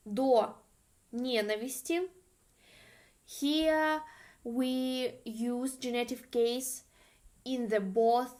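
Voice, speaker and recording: A woman with a Russian accent teaching an online language lesson, patiently repeating example phrases for learners. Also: a little high.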